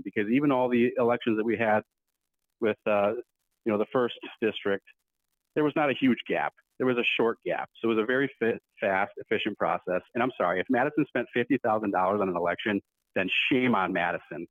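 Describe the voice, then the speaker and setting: An argumentative man speaks up in a county board debate, insistent and emphatic. His voice sits a little low. The sound is tinny and phone-like, with no room echo at all. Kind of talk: debate speech at a public meeting. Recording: tinny phone-like line, dry.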